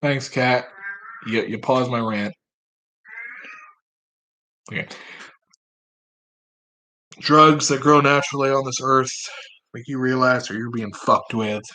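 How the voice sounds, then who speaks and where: A man's voice: mid-range voice, steady tone, slow, pauses often, bright, forceful tone. A man ranting casually, rambling and sarcastic, with plenty of swearing. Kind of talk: casual rant.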